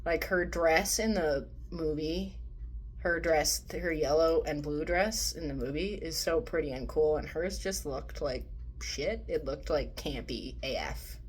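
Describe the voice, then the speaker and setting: Young woman ranting about a movie she watched, slightly low voice, swears a lot, does mocking voices. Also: a little slow, a little hiss or hum. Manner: animated, swearing, acts out quotes in mocking voices. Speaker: vlogger. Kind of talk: casual movie review rant.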